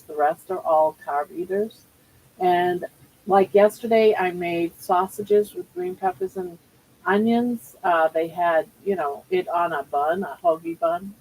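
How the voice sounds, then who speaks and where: A woman's voice: lowish voice, breathy edge, poor audio. Older woman, livestream host, casual live chat, chatty and rambling, frequent restarts, talking from home.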